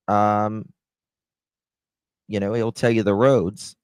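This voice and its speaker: Low-voiced male stream host, blunt and sarcastic, cusses freely, dry close sound. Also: steady tone, takes it slowly, clean tone, no echo. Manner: blunt, sarcastic, swearing, chatting to viewers. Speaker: live-stream true-crime host. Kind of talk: casual live-stream commentary.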